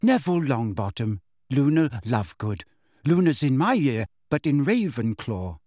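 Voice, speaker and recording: A man reading aloud voices a brisk, firm teenage girl, raising his pitch. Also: sing-song, darkish tone, dry recording, clean studio sound.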